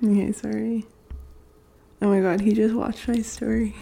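A woman's voice: mid-range voice, flat delivery, normal speed, vocal fry, warm tone. A young woman co-hosting a podcast, chatting casually and reacting bluntly. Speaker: podcast co-host. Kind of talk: casual chat.

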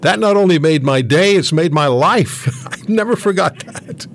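Animated older male host. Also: fairly high pitch, moderate pace, a little hiss or hum. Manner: animated, chatty storyteller. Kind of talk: casual interview chat.

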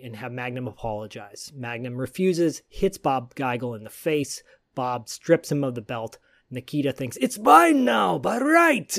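A man hosting a podcast, telling a story in a rambling, digressive casual chat. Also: mid-range voice. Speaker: podcast host.

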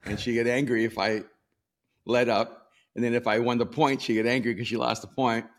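A man in his sixties from El Salvador, a pastor telling stories in an interview, laughing often and pausing with ums. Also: medium pitch, flat delivery. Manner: warm storyteller, laughs often, many ums and restarts. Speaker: pastor and author. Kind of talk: storytelling in a sit-down interview.

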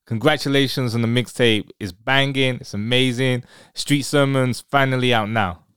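A man's voice: medium pitch, fairly even intonation, normal speed, fairly bright tone, clear, resonant tone, dry recording, studio quality. A man hosting a podcast, talking casually and enthusiastically with a guest. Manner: enthusiastic, effusive. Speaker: podcast host. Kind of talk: casual interview.

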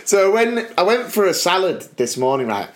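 A man's voice: sits high, very animated, normal speed. A man, co-hosting a podcast and telling a casual anecdote, laughing and acting out the quotes. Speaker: podcast co-host. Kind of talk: casual storytelling chat.

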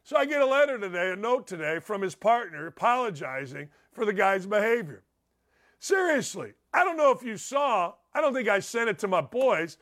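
A middle-aged man hosting a sports radio show, with a strikingly high voice. He tells rambling stories in an excitable way and laughs at his own punchlines. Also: moderate pace. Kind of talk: animated storytelling monologue.

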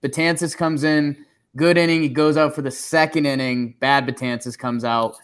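A young man co-hosts a sports podcast and recaps the game in an easy, joking manner. His voice sits a bit higher than most men's. He keeps the tone loose and conversational. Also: steady tone, normal speed, clean tone. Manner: laid-back, recaps the game, teasing. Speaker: podcast co-host. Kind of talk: casual sports chat.

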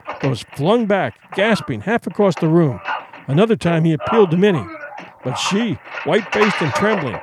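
Male storyteller host, lively intonation, somewhat high voice. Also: noisy background. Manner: expressive, dramatic reading. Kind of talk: storybook narration.

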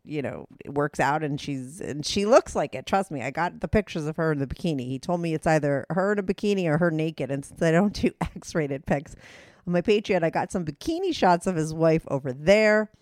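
A woman's voice: low-pitched, animated, fairly quick, darkish tone, dry recording, studio quality. Blunt chatty woman host. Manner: blunt, chatty, laughs often, swears. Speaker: podcast host. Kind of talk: casual interview chat.

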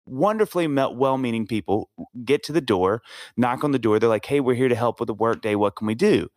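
A man's voice: mid-range voice, no room sound, clean studio sound. A man in casual podcast conversation, telling stories with voiced-out quotes and easy laughter. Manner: lively storyteller, acts out quotes, laughs easily.

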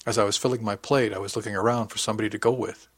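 A man narrating a first-person audiobook in an even, wry storytelling manner. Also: on the low side, very fast, no room sound.

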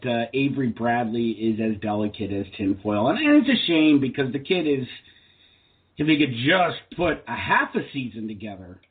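A man co-hosting a sports podcast, chatting with wry, joking asides. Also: a little high. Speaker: podcast co-host. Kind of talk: casual sports chat. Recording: tinny phone-like sound.

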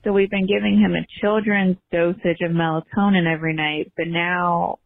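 A woman's voice: on the low side, little pitch movement, normal speed, creaky. A woman calling in to a podcast and explaining her question as a stepmother, step by step. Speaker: caller. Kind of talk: phoned-in question. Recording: tinny phone line.

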